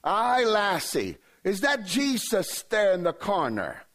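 A man's voice: high-pitched, wildly swooping pitch, takes it slowly, a bit bright, voice pushed up, heavily acted. A preacher putting on a cheery old Scotsman. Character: old bent-over Scottish man, cheery.

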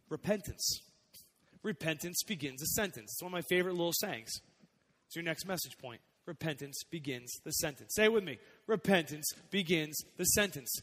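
A young adult male pastor giving a sermon, conversational and personal, dropping soft then rising to emphatic points. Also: a little high. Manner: conversational preaching, swings between soft and emphatic. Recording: long hall reverb.

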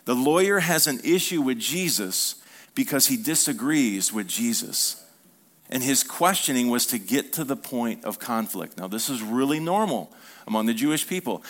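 A male pastor preaching an animated sermon to a congregation, acting out quoted dialogue and calling for responses. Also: mid-range voice.

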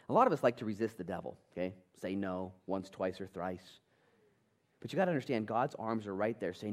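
A middle-aged man preaching a sermon as pastor, swinging from loud emphasis to soft, intimate tones. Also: lowish voice, sing-song, fairly quick. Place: church sanctuary.

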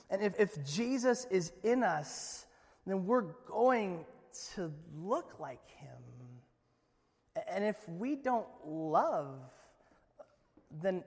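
A high-pitched male pastor giving a sermon, breezy and conversational, tossing in jokes and quick asides. His voice rings out with a long hall reverb around it.

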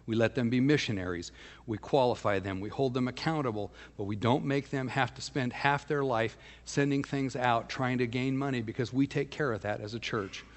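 Man, pastor, emphatic storytelling sermon, mid pitch, long hall reverb. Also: normal speed. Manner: storytelling, emphatic, dropping to a hushed voice for intimate points.

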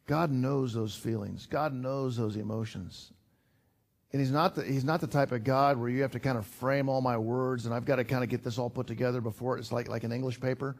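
Earnest conversational older male preacher. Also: medium pitch. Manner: conversational, earnest, with repetitions and sudden emphatic rises. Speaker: pastor. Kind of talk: sermon.

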